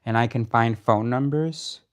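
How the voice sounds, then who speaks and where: A man's voice: medium pitch, unhurried. A man arguing with his partner in a casual conversation, pressing his points in a sarcastic, challenging way. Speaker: partner in a debate. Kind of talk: casual argument between partners.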